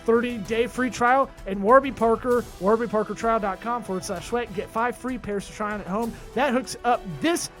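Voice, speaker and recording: A man hosts a comedy business podcast in a jokey, fast-plugging manner. His voice sits high, with faint music under it. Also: fairly bright tone. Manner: jokey, rapid-fire sponsor plugs. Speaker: podcast host. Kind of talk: casual podcast chat with ad reads.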